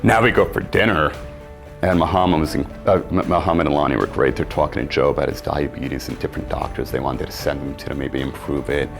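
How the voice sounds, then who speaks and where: A middle-aged man with a very deep voice tells a story as an interview guest, gravelly and low, acting out the lines of the people in it. Soft music plays underneath. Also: fast talker. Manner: animated storyteller, acts out quotes. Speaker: interview guest, sports marketing agent.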